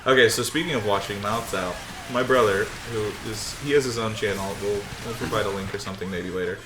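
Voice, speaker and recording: A man's voice: fairly low pitch, brisk. Young man telling stories in an echoey room. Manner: rambling storyteller, laughs often, acts out voices. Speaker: co-host of a gaming channel. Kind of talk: casual chat over gameplay.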